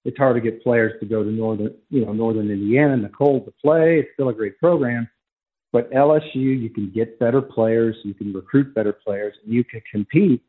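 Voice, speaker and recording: A man's voice: medium pitch, brisk, slightly rough. A man calling in to a radio show as a guest, giving emphatic college football analysis. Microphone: telephone. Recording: tinny phone line.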